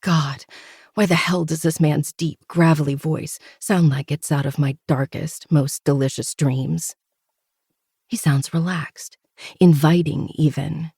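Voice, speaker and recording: Brief: host narrating a novel, mellow dark tone, steady intimate delivery. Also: mid-range voice, measured pace, creaky, slightly rough, dry recording, clean studio sound. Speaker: podcast host reading a novel. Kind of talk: first-person audiobook narration.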